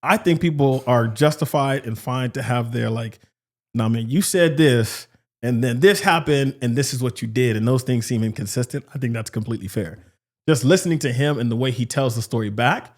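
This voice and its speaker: A man co-hosting a podcast in casual chat, animated, acting out other people's quotes as he talks. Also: moderate pace. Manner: animated, acts out quotes with shifting pitch. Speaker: podcast co-host.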